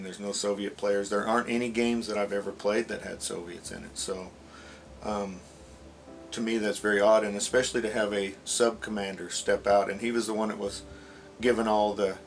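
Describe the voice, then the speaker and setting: A man retelling a dream to the camera in a halting, rambling, earnest way. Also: on the low side. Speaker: religious video blogger.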